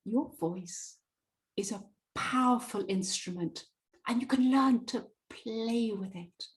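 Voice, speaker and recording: Slow, deliberate British woman coaching. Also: a little high, rough recording. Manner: deliberate, with emphatic pauses and stressed words. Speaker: presentation skills coach. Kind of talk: webinar talk.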